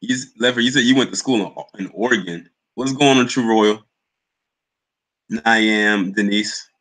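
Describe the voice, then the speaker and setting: Bright-voiced man chatting on a livestream. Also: lowish voice, normal speed, poor audio. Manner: loose, chatty, greets commenters by name. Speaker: livestream host. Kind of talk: casual live chat with viewers.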